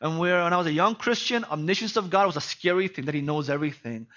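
A man delivers a sermon in a high, bright voice. He peppers his points with rhetorical questions and tag questions, dropping to a hush and then rising to loud emphasis. The recording sounds dull and lo-fi. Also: quick pace. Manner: swings from hushed to loud emphasis. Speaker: preacher. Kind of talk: sermon on a Bible passage.

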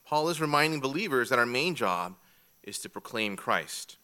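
A man's voice: medium pitch, lively intonation, moderate pace, pushed and bright, clear, resonant tone. A man teaching a church class from an outline, methodical and repeating each key point. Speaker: Bible teacher.

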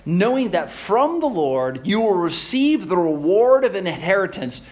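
A man's voice: sits high, big pitch swings, moderate pace, a little mellow. A man preaching a sermon in an earnest, emphatic way, with many rhetorical questions.

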